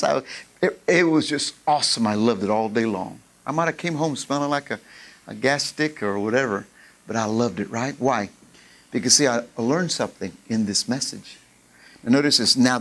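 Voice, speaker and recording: A middle-aged man preaching a sermon, lively, acting out old conversations as he tells his story. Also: mid-range voice. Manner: animated, acts out dialogue in raised voice. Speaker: pastor.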